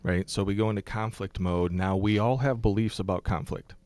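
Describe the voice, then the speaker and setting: A middle-aged man, a pastor, explaining his ideas in a relaxed podcast conversation, thinking aloud with ums and restarts. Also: on the low side, brisk. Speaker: pastor and guest.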